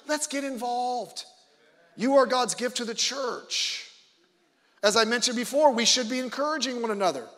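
A male pastor preaching a conversational sermon with joking asides, swinging between loud emphasis and quiet low remarks. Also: long reverb tail.

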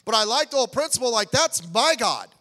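A man delivers a sermon in a church sanctuary, his voice pitched high and ringing bright. He preaches in a loose, conversational way, full of asides and restarts. A long reverb from the hall trails his words. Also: big pitch swings, fast talker. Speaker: pastor.

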